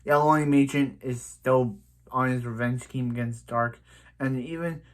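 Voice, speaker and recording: A man's voice: medium pitch, steady tone, a little slow. Guy rambling through a tv episode recap, lots of so yeah and he's like. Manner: rambling, many restarts and "he's like" retellings. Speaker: TV episode reviewer.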